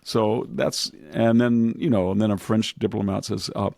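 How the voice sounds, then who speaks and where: A man's voice: fairly low pitch, fairly even intonation, normal speed, creaky, hardly any pauses, a little mellow, no echo, clean studio sound. An older man hosting a podcast, giving casual political commentary and acting out quoted voices with a chuckle. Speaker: podcast host, historian.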